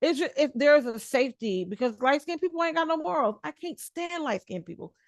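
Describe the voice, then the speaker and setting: A woman's voice: high voice, expressive, brisk, dry recording. A woman in a casual group conversation, blunt, opinionated and freely profane.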